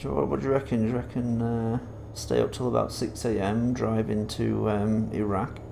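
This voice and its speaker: A man's voice: mid-range voice, flat delivery, normal speed, gravelly, mellow, slight background noise. A man chatting casually on a live stream while playing a trucking game, swearing freely and reading viewer comments aloud.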